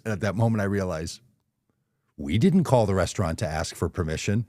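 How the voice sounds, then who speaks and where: A man's voice: lowish voice, a little fast, darkish tone, no echo, clean studio sound. A man telling a personal story as a guest speaker on a video call, in a conversational way, correcting himself as he goes. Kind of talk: anecdotal storytelling.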